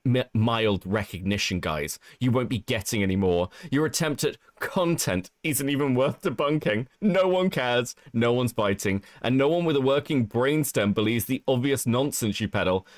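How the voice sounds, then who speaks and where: Male streamer, lively swinging pitch, dry close sound, swears a lot, casual commentary. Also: no echo. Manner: animated, profane, reads out donations; mocking, frequent laughter. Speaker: livestream host.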